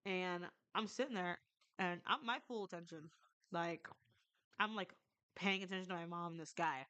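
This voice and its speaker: A woman's voice: lowish voice, moderate pace, pushed and bright. A young woman streamer telling a true story in a loose, rambling way, with lots of fillers and casual swearing.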